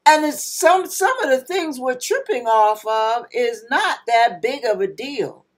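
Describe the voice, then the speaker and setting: A woman's voice: high voice, expressive, measured pace. A woman pastor preaching a sermon in an emphatic manner, acting out panicked cries now and then.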